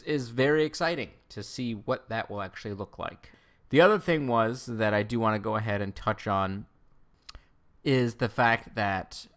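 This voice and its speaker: A man's voice: on the low side, a bit bright. A man giving casual video commentary on entertainment news, rambling with many fillers and self-corrections. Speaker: Star Trek news commentator.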